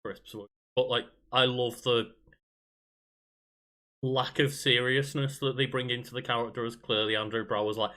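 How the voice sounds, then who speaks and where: A man's voice: mid-range voice, little pitch movement, a little slow, pushed and bright. A man co-hosting a podcast in casual chat, laughing often and telling stories loosely, with many fillers. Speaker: podcast co-host.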